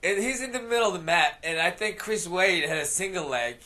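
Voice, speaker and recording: High, bright-voiced man telling stories. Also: brisk. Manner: animated storytelling, laughs often. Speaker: mixed martial arts fighter. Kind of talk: casual podcast chat.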